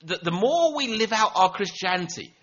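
Preacher, male, high bright voice, earnest, stumbling restarts, dull lo-fi recording. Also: big pitch swings, normal speed. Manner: earnest, repeats words when restarting. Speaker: pastor. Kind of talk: sermon.

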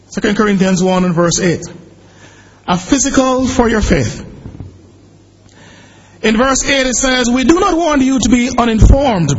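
A man, a pastor telling a lively personal story during a sermon and shouting at its most excited points. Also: sits high, breathy edge, highs cut off. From Jamaica. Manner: animated storytelling, bursts into shouting when excited.

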